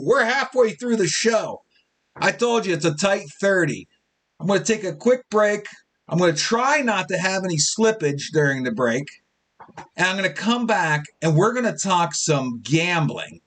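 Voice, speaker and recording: Animated, high-pitched sports host. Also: male voice, moderate pace. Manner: animated, joking, mimics fans in quotes. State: a little tipsy. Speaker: sports talk show host. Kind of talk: casual sports talk monologue.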